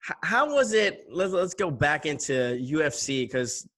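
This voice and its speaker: A young man hosting a casual chat, relaxed and quick to laugh. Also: on the high side. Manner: relaxed, laughs easily, many fillers. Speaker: host.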